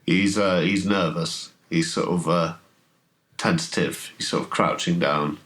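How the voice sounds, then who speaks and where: A man running a horror tabletop game as game master, describing scenes in a halting way with many fillers. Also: low voice, fairly even intonation, a bit bright, low-quality recording.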